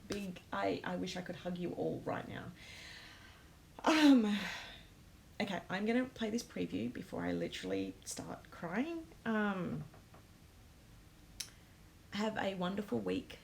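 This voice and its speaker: A woman hosting a casual live stream, talking straight to her viewers and reading their comments. Her voice carries a gravelly edge, and she fills her pauses with ums. A faint hum sits in the background. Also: medium pitch, sing-song, a little mellow, rough recording. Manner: emotional, many ums, talks to comments. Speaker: host of a planner live stream.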